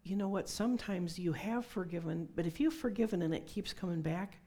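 A woman's voice: lowish voice, fairly quick, mellow. A middle-aged woman preaching a conversational sermon with personal testimony, dropping to whispers for emphasis.

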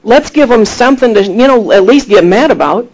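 A man preaching a sermon, retelling scripture with emphatic, animated delivery and acted-out quotes. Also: very high-pitched, brisk, rough recording. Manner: animated storytelling, acting out quoted voices; emphatic, rising to exhortation.

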